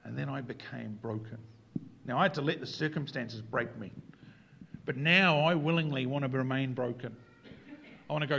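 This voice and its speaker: A man preaching a sermon in an earnest way, moving between quiet reflection and animated emphasis. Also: mid-range voice, moderate pace, creaky, lo-fi sound, slight background noise. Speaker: pastor.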